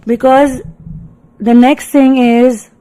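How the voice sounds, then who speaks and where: A woman with an Indian English accent delivers an earnest spiritual reading. Her voice is fairly high and soft, warm and dark-toned. She talks in circles, restating points with fillers as she goes. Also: level tone, slow, clear, resonant tone, rough recording. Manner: earnest, repetitive, emphatic phrasing with many fillers. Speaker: tarot and energy reader.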